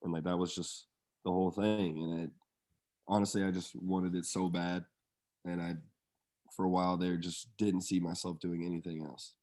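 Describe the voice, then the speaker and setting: A young man with a very low voice talks in a laid-back, slangy way. His delivery stays flat and even, with little rise and fall. He is a guest on a casual podcast, telling his own story. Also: normal speed. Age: young adult. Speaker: guest, pro football player.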